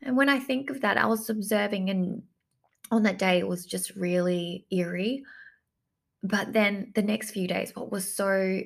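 A woman with a creaky, mid-range voice speaks at a measured pace, telling a personal story to camera as a coach addressing her audience. She's reflective and repetitive, saying "like" a lot and circling back to the same phrases.

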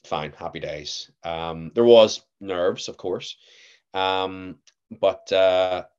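A young man, an actor, telling a story in casual chat, relaxed, with many fillers and laughs. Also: sits low, extremely slow, clean tone, dull audio. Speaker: actor, guest.

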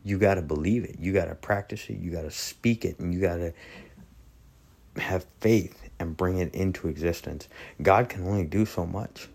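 A man's voice: low-pitched, normal speed, gravelly, darkish tone, breathy edge. A man giving an earnest sermon and leading a prayer, repeating phrases for emphasis. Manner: earnest, preaching with repetition. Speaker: preacher.

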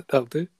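A man's voice: darkish tone, dry recording. A man co-hosting a podcast, joking and swearing through casual football banter. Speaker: podcast co-host.

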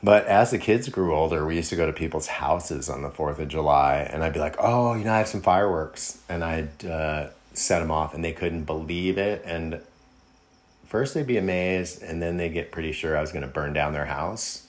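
A man's voice: rumbling low, normal speed. A man telling a long, rambling personal anecdote in a laid-back, casual way. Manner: rambling, laid-back, with fillers and quoted asides. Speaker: storyteller.

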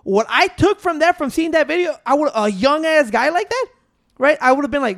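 His voice is very high-pitched, gravelly, and a bit bright, expressive and a little fast. As a podcast co-host in a casual, profane debate, he insists on finishing his point through interruptions, restarting again and again to hold the floor.

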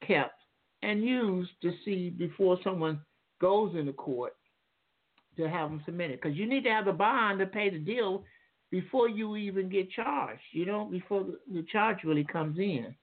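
A man's voice: high voice, normal speed. A man calling in to a radio talk show, explaining at length in a rambling, lecturing way with many restarts. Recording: tinny phone line.

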